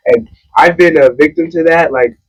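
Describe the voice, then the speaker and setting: A man's voice: a little high, steady tone, moderate pace, breathy edge, rough recording. A young man on a casual podcast, sharing reflective thoughts about people who hurt others. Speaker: podcast co-host.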